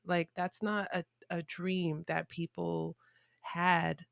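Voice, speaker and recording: A woman's voice: on the low side, fairly even intonation, slow pace, vocal fry, no room sound, clean studio sound. A woman guest on a podcast, telling a childhood story in a reflective way, with frequent restarts and fillers. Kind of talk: conversational storytelling.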